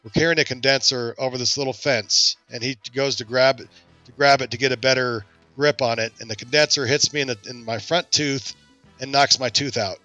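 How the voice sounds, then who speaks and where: Man, podcast host, casual storytelling, animated, bright tone, lo-fi recording. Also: medium pitch, fairly quick, no room sound, soft background music. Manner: animated, acts out quoted voices in his stories.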